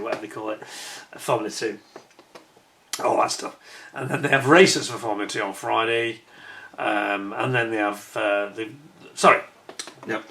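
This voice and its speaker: Bright-voiced chatty British-born man. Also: medium pitch. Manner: chatty, rambling, self-correcting, indignant when retelling complaints. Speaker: vlogger. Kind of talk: casual storytelling over photos.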